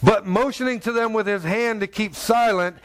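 A man's voice: sits high, moderate pace. A man preaching a conversational sermon who talks straight to his listeners and acts out the people in the story. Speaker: pastor.

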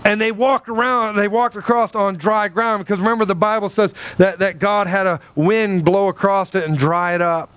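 High-voiced animated male preacher. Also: normal speed, few pauses, clear, resonant tone. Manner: animated preaching, acts out dialogue with God. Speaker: pastor. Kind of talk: sermon.

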